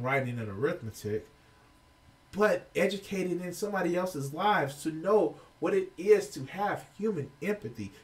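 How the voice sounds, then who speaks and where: A man's voice: a little high, recorded from a distance. A man giving heated, profane reaction commentary as a video reviewer, exasperated and ranting.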